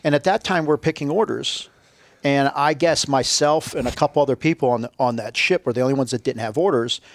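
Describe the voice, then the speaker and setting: Fast-talking man telling profane stories. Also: mid-range voice, no echo. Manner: animated, profane storyteller acting out quoted people. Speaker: podcast guest, retired Navy SEAL. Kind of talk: casual storytelling interview.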